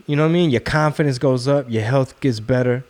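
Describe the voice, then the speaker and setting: A man's voice: medium pitch, a little fast, darkish tone. A man hosting a podcast, talking in a loose, profane, joking way. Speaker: podcast host. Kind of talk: casual podcast chat.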